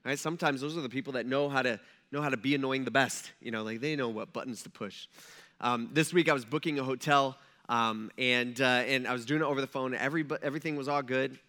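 A man's voice: medium pitch, quick pace, bright, forceful tone. A man preaching a sermon to a congregation in a conversational style, with joking asides and frequent check-ins like "okay?" and "right?". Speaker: pastor.

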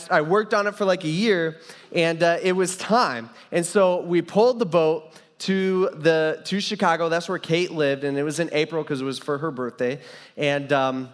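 A young man preaching a sermon and telling a personal story in a casual, rambling way, full of fillers and restarts. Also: a little high. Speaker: pastor. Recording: long hall reverb.

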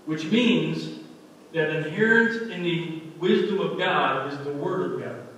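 A man's voice: on the high side, unhurried, a bit bright, a little hiss or hum. A male pastor delivering a sermon in an earnest, conversational way that wanders into side stories. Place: church sanctuary. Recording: echoey hall from far off.

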